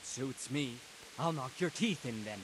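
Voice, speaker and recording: Voice a surly, hostile gravedigger, played by a man, in game dialogue with lively pitch swings and threats. The audio carries a steady hiss under every line. His manner stays blunt and unfriendly. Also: a little slow, lightly acted.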